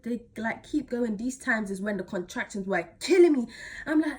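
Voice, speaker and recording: A teenage girl, chatting to camera as she retells a story in a casual, animated way. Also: on the high side, fairly quick, breathy edge. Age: teens. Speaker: vlogger.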